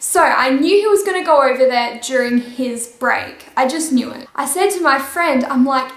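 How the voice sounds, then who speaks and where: A woman vlogger chatting through a storytime in a lively, animated way, with a laugh now and then. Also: high voice, normal speed, hardly any pauses, echoey room. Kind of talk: casual storytime.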